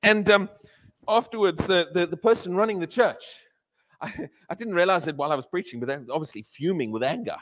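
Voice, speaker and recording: High-voiced male preacher in a reverberant hall. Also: a little fast, a bit bright. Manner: storytelling, frequent stammered restarts and laughs. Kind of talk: sermon.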